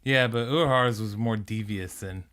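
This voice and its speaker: A man co-hosts a podcast in relaxed, casual chat. His bright, forceful voice mostly comes in with short reactions and dry quips. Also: lowish voice, normal speed. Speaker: podcast co-host.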